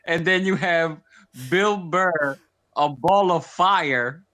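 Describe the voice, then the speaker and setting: A man's voice: on the high side, slow pace, sharp tone. A man co-hosting a live stream, reacting casually with swearing and frequent laughter. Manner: laughs often, profane reactions. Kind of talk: casual chat.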